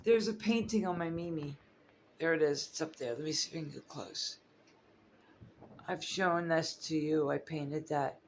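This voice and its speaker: A woman telling a personal story on her vlog, holding back tears, halting with many fillers and restarts. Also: low-pitched, a little hiss or hum. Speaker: artist sharing a personal story.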